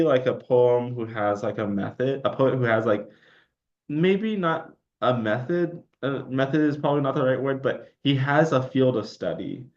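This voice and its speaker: A man's voice: on the low side, dull audio. A young man teaching a poetry lesson in a loose, rambling way, full of ums and restarts, recorded at home. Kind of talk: casual recorded lecture. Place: home room by a window.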